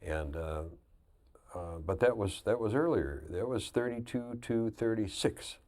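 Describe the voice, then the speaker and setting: An older man telling lively anecdotes as a guest on a 1999 television interview, often laughing at his own stories. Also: lowish voice, unhurried. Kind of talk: casual storytelling.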